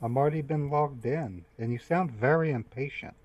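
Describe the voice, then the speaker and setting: A man's voice: mid-range voice, normal speed, darkish tone. A man hosting a prank call with a scammer, mocking and teasing her. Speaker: scambaiter host. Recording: dull lo-fi sound.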